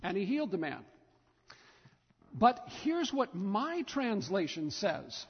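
A man's voice: high voice, big pitch swings, takes it slowly, slightly rough. A man preaching a sermon in a church, telling the story emphatically with lots of repetition. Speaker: pastor. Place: church sanctuary. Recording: dull recording with long church reverb.

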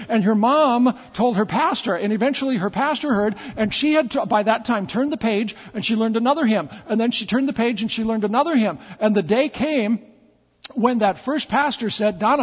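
A pastor telling stories in a sermon, with repeated phrases and dramatic pauses. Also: male voice, very high-pitched, breathy edge. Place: church sanctuary. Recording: long church reverb, dull lo-fi sound.

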